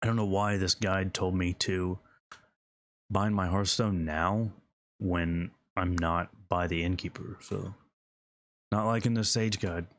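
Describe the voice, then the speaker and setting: A man with a very low, deep voice talks loosely over his gameplay. He rambles, chuckles to himself, and often drifts off mid-sentence. It sounds like an unscripted recording of someone talking while he plays. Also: fairly even intonation, measured pace, a bit bright, a little hiss or hum. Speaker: gaming streamer. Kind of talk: casual gameplay commentary.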